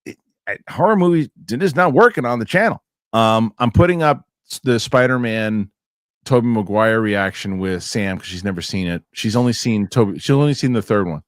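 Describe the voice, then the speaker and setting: A man hosting a casual podcast chat, telling lively anecdotes and acting out what other people said. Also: lowish voice, brisk, no room sound, clean studio sound. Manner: animated storyteller acting out quotes. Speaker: podcast host.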